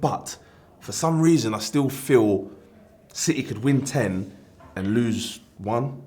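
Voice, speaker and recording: A man's voice: mid-range voice, animated, takes it slowly, warm tone. A man co-hosting a casual football chat, thinking aloud in an easygoing way. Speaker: podcast co-host. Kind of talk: casual banter among friends.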